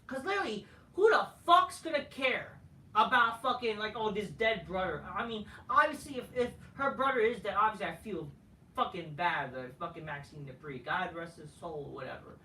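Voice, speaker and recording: A woman's voice: medium pitch, animated, normal speed, sharp tone. A woman hosting a wrestling show review, ranting in a crude, sarcastic, heated way. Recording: echoey room, far from mic.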